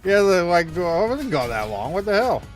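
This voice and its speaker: A man's voice: high voice, sing-song, fairly quick, faint music behind. A man co-hosting a game stream, laid-back and laughing often as he chats. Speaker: streamer co-host. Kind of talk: casual stream chat.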